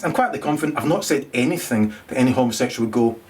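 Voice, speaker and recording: A man's voice: medium pitch, expressive, fast, darkish tone, slight background noise. A middle-aged man, doing a rambling, crude stand-up monologue, full of swearing and stumbling restarts, laughing at his own jokes. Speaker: comedian.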